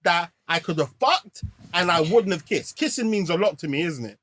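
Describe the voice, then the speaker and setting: Podcast host in his thirties, high, bright and dry close-miked voice, frank and slangy. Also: lively intonation, normal speed, no room sound. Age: 30s. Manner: frank, slangy, laughs easily. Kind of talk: candid casual chat.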